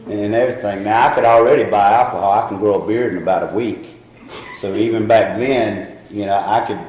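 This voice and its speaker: A man's voice: lowish voice, darkish tone. Candid Southern man, echoey room. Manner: candid, rambling, laughs at himself. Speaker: recovery meeting speaker. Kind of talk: personal testimony talk.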